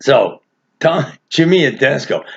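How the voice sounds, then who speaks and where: A man's voice: mid-range voice, expressive, normal speed, gravelly, slightly rough. An older man telling a rambling, chuckling anecdote in a casual, folksy way. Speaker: storyteller. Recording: dull lo-fi recording.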